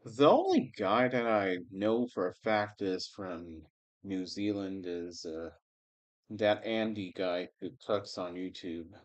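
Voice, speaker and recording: A man hosting a relaxed livestream, talking at an unhurried, drawn-out pace. His voice sits low, and he rambles easily as he greets viewers and reads their comments aloud. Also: dull audio. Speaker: livestream host reading scripture. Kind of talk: casual livestream chat with viewers.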